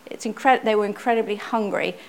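A woman's voice: medium pitch, fairly even intonation, a little hiss or hum. Earnest woman preaching a testimony. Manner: earnest and conversational, with halting restarts. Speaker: church speaker, pastor's wife. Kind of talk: personal testimony sermon.

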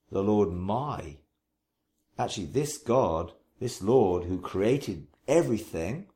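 A man with a somewhat low voice speaks earnestly about his faith in an interview. He is unhurried and often restarts or repeats a phrase. When he quotes scripture he slows and weighs each word. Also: mellow. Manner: slow, emphatic recitation when quoting scripture. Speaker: preacher. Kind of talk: reflective interview testimony.

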